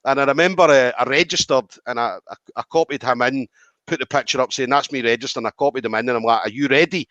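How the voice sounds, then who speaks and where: A Scottish man with a mid-range voice talks fast while hosting a podcast, telling a story in casual chat. He's animated, acts out the quoted lines, and swears freely. The recording is dry and slightly dull.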